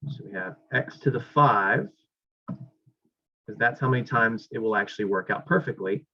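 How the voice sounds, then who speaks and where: A man's voice: medium pitch, big pitch swings, moderate pace, vocal fry, husky. A male math instructor giving a classroom lecture, thinking aloud and correcting himself as he works problems on the board. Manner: talks while writing, thinks aloud, self-corrects. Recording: dull lo-fi classroom recording.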